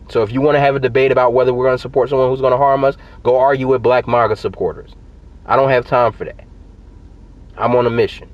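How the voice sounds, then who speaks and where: Dull audio carries a man's medium-pitched, steady voice at a quick pace. He delivers emphatic, heated political commentary straight to camera for his viewers, restating his points to drive them home.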